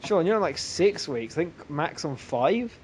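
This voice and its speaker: A man hosting a casual group podcast, rambling and joking between quick asides. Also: on the high side, very animated, slight background noise. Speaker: podcast host.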